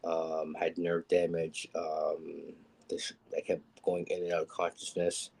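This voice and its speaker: A man's voice: low-pitched, monotone, measured pace, gravelly, darkish tone, slightly rough, poor audio. A man candidly telling a personal story on a live show, rambling with many ums and acting out what people said.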